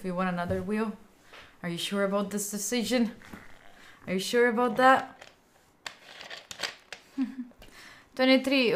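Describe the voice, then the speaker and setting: A young woman with an Italian accent, chatting casually as a livestream host at home, swearing freely and reacting to her chat. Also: medium pitch. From Italy. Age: young adult. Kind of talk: casual chat with live viewers. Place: room at home.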